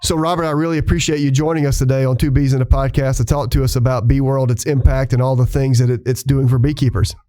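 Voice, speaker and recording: Male podcast host, warm dark voice, friendly interview manner. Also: medium pitch, level tone, quick pace, few pauses.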